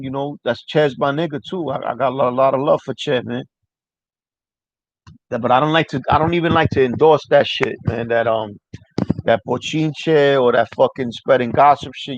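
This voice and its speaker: New man, loose profane stream host, mid pitch, dry muffled mic. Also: no echo. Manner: loose, profane, rambling, answers chat. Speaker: livestream host. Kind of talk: casual livestream chat.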